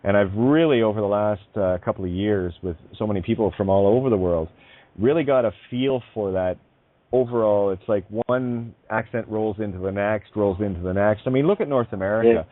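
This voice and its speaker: A man's voice: lowish voice, a little fast, no echo. A man hosting a casual radio chat, rambling and musing, often dropping into mock accents. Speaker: host. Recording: dry tinny phone-like line.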